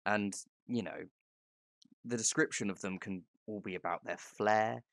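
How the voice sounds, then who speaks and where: Very deep-voiced enthusiastic man. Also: a little slow, gravelly, dry recording, studio quality. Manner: enthusiastic, descriptive, agreeing readily. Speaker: co-host discussing game mastering. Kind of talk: casual discussion.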